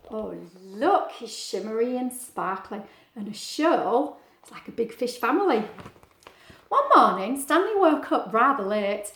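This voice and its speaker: A woman, a teacher, reads a picture book aloud to young children at home and keeps asking them questions. Her voice is high and lively and rises and falls a lot. The room around her is echoey. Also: a little slow. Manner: warm, chatty, asks children questions. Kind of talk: storybook read-aloud.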